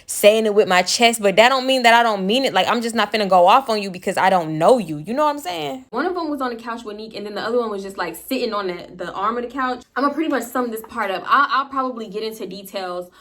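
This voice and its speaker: A young woman telling a personal story to the camera in a casual, candid, animated way, with frequent swearing. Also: fairly high pitch, fast talker, few pauses. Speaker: storytime vlogger.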